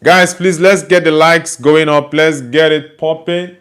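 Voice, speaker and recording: A man's voice: on the high side, steady tone, a little slow, a bit bright, clean tone. A Nigerian man, a native Igbo speaker, hosting a casual livestream and chattily answering viewer comments he reads aloud. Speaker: host.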